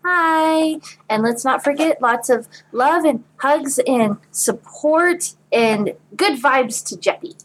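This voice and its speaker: A woman's voice: high voice, animated, slow, low-quality recording. A woman listener speaking earnestly in a recorded message to a podcast. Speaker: listener sending an audio message.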